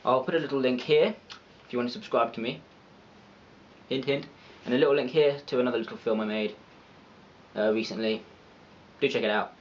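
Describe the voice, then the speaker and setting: A man's voice: medium pitch, steady tone, brisk, long pauses, lo-fi sound. A man narrating an educational video with playful, chatty, self-mocking asides. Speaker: video creator.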